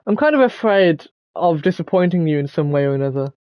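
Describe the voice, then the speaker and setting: A man's voice: a little high, fairly quick, clean tone, dry recording, lo-fi sound, natural voice. A young man reading the lines of a shy bookish teenage girl from a visual novel in his own plain voice. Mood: earnest. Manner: reading game dialogue aloud flatly.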